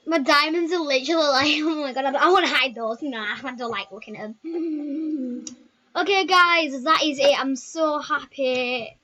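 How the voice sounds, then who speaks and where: Young female gaming host, high and giddy, squealing, lo-fi computer-mic sound. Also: normal speed, pushed and bright. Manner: giddy, squealing, repeats exclamations. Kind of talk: excited casual gameplay vlog. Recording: dull lo-fi recording.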